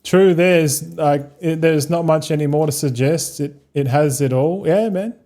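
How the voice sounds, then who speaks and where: Laid-back Australian man, mellow voice. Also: fairly high pitch, unhurried. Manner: laid-back, rambling, swears freely, laughs often. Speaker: game streamer. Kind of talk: casual live-stream chat.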